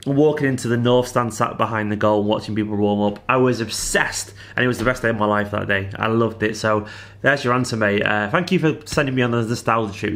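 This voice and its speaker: Man with a Manchester accent, rapid delivery, casual vlog Q&A, chatty and bantering, mid-pitched. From Manchester, England. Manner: chatty, animated, banters with viewers. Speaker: football fan vlogger.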